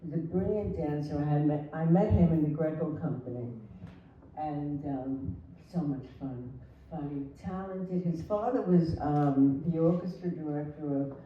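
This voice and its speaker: An older woman, a flamenco artist, telling lively anecdotes on stage and acting out the people in them. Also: low-pitched, measured pace, muffled recording. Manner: animated anecdotes with laughter and acted quotes. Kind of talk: storytelling on stage. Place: hall with audience. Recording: echoey hall, distant mic, faint noise.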